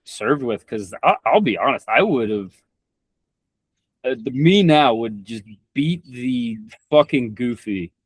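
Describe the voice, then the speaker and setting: Young man from Kentucky, rambling blunt talk, mid-pitched voice, dry close sound. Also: animated, takes it slowly, husky, dry recording. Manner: rambling, frequent restarts and stammered repeats; blunt, swears freely. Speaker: podcast guest. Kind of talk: casual conversation.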